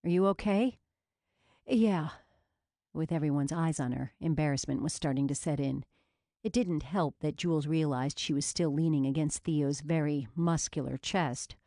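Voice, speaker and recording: A woman narrating a romance novel as an audiobook in measured storytelling. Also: low voice, fairly even intonation, warm tone, no echo, studio quality.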